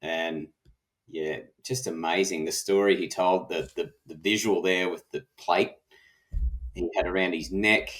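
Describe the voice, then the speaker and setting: An Australian man co-hosting a podcast, chatting casually and haltingly, with restarts and soft laughs. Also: low voice, steady tone, rough recording. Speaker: podcast co-host. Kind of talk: casual chat.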